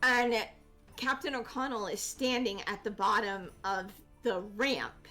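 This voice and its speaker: A woman's voice: mid-range voice, unhurried, pushed and bright, soft background music. A woman narrating a tabletop game as game master, in a casual, loose way with many fillers.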